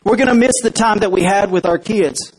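Husky high-voiced male pastor preaching. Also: brisk, low-quality recording. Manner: conversational preaching with questions to the congregation. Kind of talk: sermon. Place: church.

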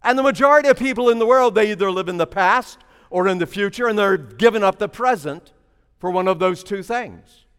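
A man preaching a sermon, telling a story and then building to loud, emphatic preaching. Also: sits high, brisk, clear, resonant tone, big-room sound.

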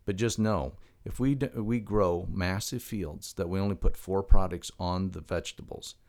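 A man's voice: deep voice, steady tone, normal speed, darkish tone. A middle-aged man talking as a health expert guest in a podcast interview, emphatic and fond of rhetorical questions, drifting into chatty anecdotes.

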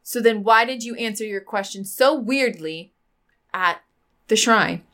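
A woman's voice: a little high, measured pace, pushed and bright. A woman playing a blunt, clumsy adventurer. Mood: stern.

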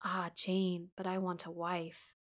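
A woman reading the part of a blind, brooding older gentleman, melancholy and self-pitying, in a storybook reading. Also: fairly low pitch, completely flat delivery, slow pace. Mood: tender.

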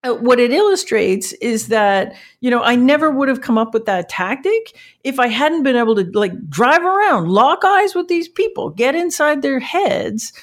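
A woman telling a work story to an interviewer in an animated, anecdotal way, laughing often as she goes. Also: high-pitched, moderate pace, hardly any pauses. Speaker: marketing leader.

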